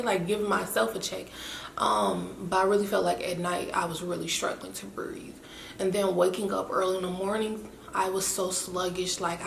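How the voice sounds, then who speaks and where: A young woman chatting casually to her vlog audience, her voice raspy and winded, rambling and correcting herself, sometimes sinking to a whisper. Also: mid-range voice, fairly bright tone, echoey room, a little hiss or hum. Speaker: YouTuber.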